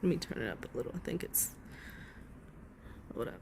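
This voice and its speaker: A woman's voice: extremely low pitch, animated, fairly quick, gravelly, darkish tone, slight background noise. A woman giving a profane, ranting reaction commentary, swearing heavily as she talks.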